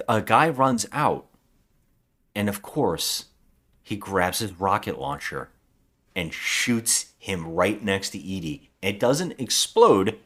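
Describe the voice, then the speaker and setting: A man's voice: lowish voice, big pitch swings, takes it slowly, fairly bright tone, husky. A man co-hosting a podcast, casually recapping a movie plot in a rambling way, acting out quotes and swearing. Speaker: podcast co-host.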